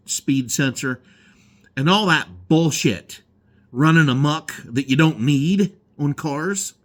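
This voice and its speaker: A man's voice: mid-range voice, fairly bright tone. A man in his garage, heatedly ranting in a rambling, profane vlog monologue. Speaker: garage owner. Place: indoor garage.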